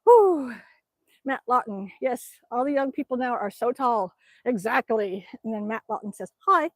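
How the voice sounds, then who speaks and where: A woman from Alaska hosting a casual livestream, reading chat aloud, laughing often and cooing softly to her dog. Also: on the high side, expressive, normal speed, dry recording.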